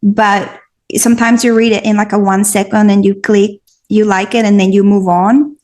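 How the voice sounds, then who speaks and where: A woman's voice: mid-range voice, level tone, moderate pace, a little mellow. A woman host with an accent, chatting and then reading a post aloud earnestly. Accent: non-native English accent. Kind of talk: casual chat and reading aloud.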